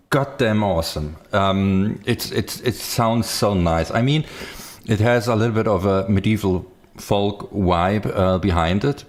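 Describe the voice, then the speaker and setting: Low-voiced man reacting excitedly. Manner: excitable, casual swearing, thinks aloud with fillers. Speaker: streamer reacting to music videos. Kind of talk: casual live reaction commentary. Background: faint music from the videos.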